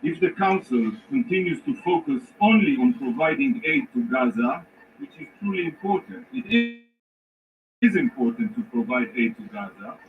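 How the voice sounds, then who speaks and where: A man giving a formal, prepared speech to a council as an ambassador, emphatic and indignant, with measured pauses. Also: medium pitch, sing-song, soft background music. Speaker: ambassador addressing the Security Council. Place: large council chamber. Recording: distant, dull rebroadcast with faint noise.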